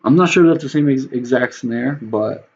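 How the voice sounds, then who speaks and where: In slightly dull, faintly noisy lo-fi stream audio, a man with a mid-range voice speaks at a moderate pace. He's producing music live and chatting loosely with viewers, rambling and swearing now and then.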